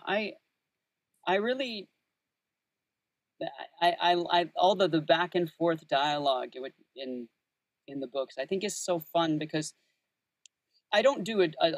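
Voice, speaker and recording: Soft-spoken man, very dry sound. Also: fairly high pitch, dry recording. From Texas, USA. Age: 30s. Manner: thoughtful, many fillers and restarts. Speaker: voice actor and audiobook narrator. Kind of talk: casual interview chat.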